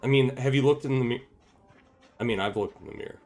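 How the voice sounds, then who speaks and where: A man hosting a gaming session, chatting casually and easygoing, quick to laugh. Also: medium pitch, darkish tone, faint music behind. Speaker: channel host, gamer.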